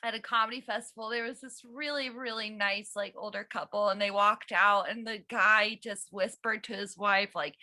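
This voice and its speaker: A woman's voice: mid-range voice, steady tone, moderate pace, hardly any pauses, pushed and bright. A woman from West Virginia hosting and doing stand-up at an online comedy night, rambling and giggling through self-deprecating jokes. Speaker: comedian and show host. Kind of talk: stand-up set. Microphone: online show, own mic.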